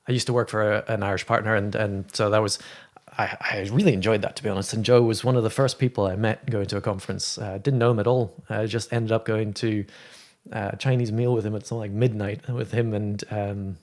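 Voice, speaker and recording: A man's voice: fairly low pitch, fairly even intonation, a little fast. A man from South Africa hosting a live chat show, chatty and full of restarts, laughing easily. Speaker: host. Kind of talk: casual chat.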